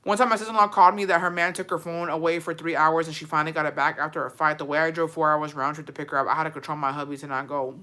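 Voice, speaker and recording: A woman gives a heated reaction commentary in a bright, sharp-edged voice that sits low with a steady tone. Her rant is profane and outraged, shifting fast between disbelief and fury.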